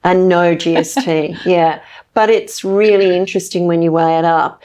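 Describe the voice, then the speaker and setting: A woman hosting an interview, speaking in a measured way with frequent fillers. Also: fairly low pitch, steady tone, darkish tone. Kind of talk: conversational interview.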